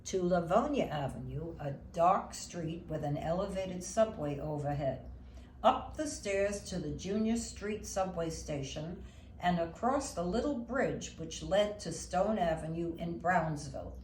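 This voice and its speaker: An older woman from Brooklyn reads her own memoir, unhurried and gentle as she looks back. Her voice sits low for a woman, and the words come slowly. The room rings a little, with a faint hiss underneath. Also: animated. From Brooklyn, New York. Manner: slow, gentle, reminiscing. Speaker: memoir narrator. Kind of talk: reading a personal memoir aloud. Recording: roomy echo, faint background noise.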